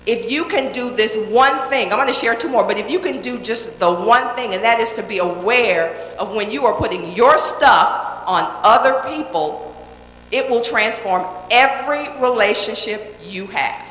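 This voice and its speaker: A woman's voice: fairly high pitch, lively intonation, normal speed, a bit bright, a little hiss or hum. A woman giving a motivational talk to a live audience, direct and emphatic, repeating key phrases and checking in with the crowd. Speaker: motivational speaker. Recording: echoey hall with long reverb.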